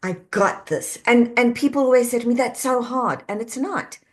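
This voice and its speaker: A middle-aged woman, an executive coach and author, talking as a podcast guest, telling animated stories and acting out quoted voices with easy laughter. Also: on the high side, fairly quick. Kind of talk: conversational podcast interview.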